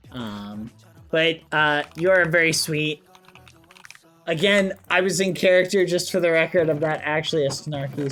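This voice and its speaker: A young man live-streaming a game, chatting playfully with viewers, excitable and self-mocking, with quick yelps. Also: fairly high pitch. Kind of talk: casual game livestream chat.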